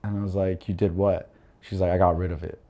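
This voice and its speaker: A man's voice: deep voice, fast talker. Young man telling a story. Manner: animated storytelling, acting out quoted voices, many fillers. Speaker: podcast guest. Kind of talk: casual storytelling.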